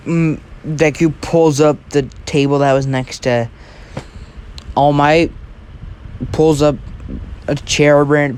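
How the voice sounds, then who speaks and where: A man's voice: a little high, darkish tone, slight background noise. A man casually telling an improvised story, rambling with many fillers and restarts.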